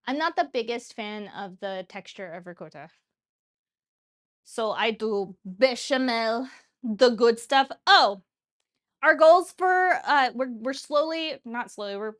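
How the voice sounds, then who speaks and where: Chatty woman in her thirties, a bit high. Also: animated, a little slow. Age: 30s. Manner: chatty, rambling, laughs often. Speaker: cooking show streamer. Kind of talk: casual livestream chat.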